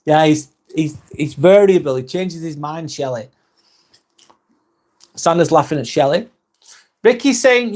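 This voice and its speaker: A man's voice: fairly high pitch, lively intonation, a little slow, long pauses, a little mellow. A man hosting a casual live stream on his phone, reading out viewer comments with dry jokes and casual swearing.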